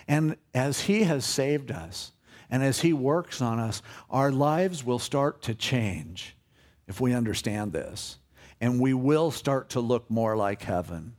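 A man's voice: medium pitch, expressive, slow pace, a little mellow. A man preaching a sermon as a pastor, conversational and earnest, with emphatic swells as he teaches.

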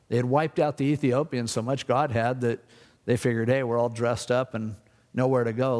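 A pastor preaching a casual, conversational sermon, explaining scripture and acting out the people in the story. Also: male voice, mid-range voice, a little mellow, long reverb tail.

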